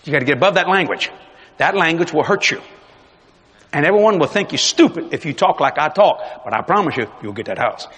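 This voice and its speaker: Husky preacher in a big hall. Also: male voice, a little high, a little fast. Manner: animated preaching, voice swinging from loud to hushed. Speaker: pastor. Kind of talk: sermon. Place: large church hall. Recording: long reverb of a large hall.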